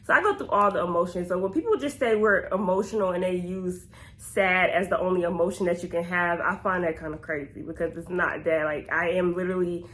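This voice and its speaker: A woman's voice: lowish voice, a little fast, a bit bright. A woman, talking to her viewers in a candid, slangy get-to-know-me Q&A. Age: 20s. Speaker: vlogger.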